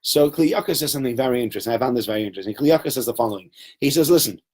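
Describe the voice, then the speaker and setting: A man's voice: mid-range voice, expressive, racing, darkish tone, slightly rough. A man giving a Torah lesson to a class, telling stories with animation and acting out quotes. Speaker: Torah teacher.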